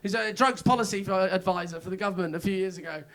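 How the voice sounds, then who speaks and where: On a club stage before a live crowd, a man does stand-up, spinning self-deprecating, wandering stories that draw frequent laughs. His voice is high-pitched, quick, and a little bright. Audience laughter fills the live room recording.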